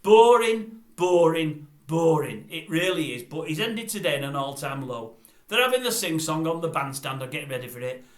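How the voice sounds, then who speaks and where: A man's voice: a little high, sing-song, fairly quick, a bit bright, echoey room. An older man who vlogs a blunt, grumbling, repetitive ranting review. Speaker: vlogger.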